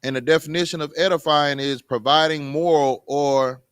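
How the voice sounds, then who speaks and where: A man's voice: a little high, steady tone, moderate pace, a bit bright, clear, resonant tone, no room sound, studio quality. A man teaching a Bible class in plain everyday talk, often putting rhetorical questions to his students. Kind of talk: conversational scripture teaching.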